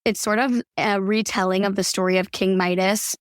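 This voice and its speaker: A woman's voice: mid-range voice, steady tone, moderate pace, clean tone, no room sound, clean studio sound. A woman guest on a chatty podcast, upbeat and nerdy. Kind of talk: casual podcast chat.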